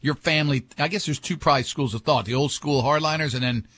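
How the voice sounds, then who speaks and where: A man's voice: a little high, fast talker, a bit bright, slightly rough, dry recording. A man hosting a morning radio show, talking in a rambling, jokey way and often restarting his sentences. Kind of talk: casual morning radio banter.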